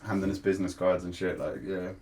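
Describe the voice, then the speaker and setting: A man's voice: deep voice, completely flat delivery, quick pace, a little mellow. A young man hosting a podcast, chatting in slangy, swear-heavy talk. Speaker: podcast host. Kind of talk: casual podcast chat.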